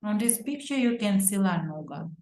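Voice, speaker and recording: A woman with an Uzbek accent giving a medical lecture from slides, reading deliberately and pausing on fillers and self-corrections. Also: medium pitch, expressive, a little mellow. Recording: roomy echo.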